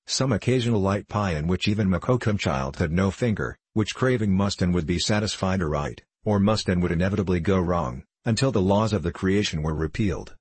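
A man reading a classic novel aloud in a measured, formal, ironic manner. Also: low voice, darkish tone, husky, no echo. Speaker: audiobook narrator. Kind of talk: scripted narration of a classic novel.

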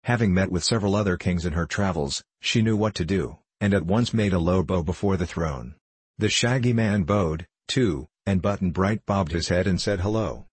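A man narrating a children's storybook in a steady audiobook reading. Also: sits low, normal speed, breathy edge, no room sound.

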